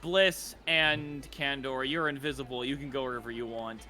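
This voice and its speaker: Bright-voiced man running a tabletop game. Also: mid-range voice, fairly even intonation, normal speed. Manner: laid-back, joking, swears casually. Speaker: dungeon master.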